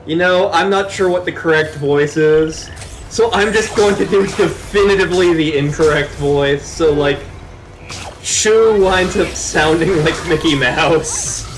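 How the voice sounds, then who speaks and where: A man co-hosting a gaming stream, chatting casually and jokily, now and then slipping into quick silly voices. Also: fairly high pitch, slight background noise. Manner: animated, jokey, slips into quick silly voices. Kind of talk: casual chat. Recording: game music playing behind.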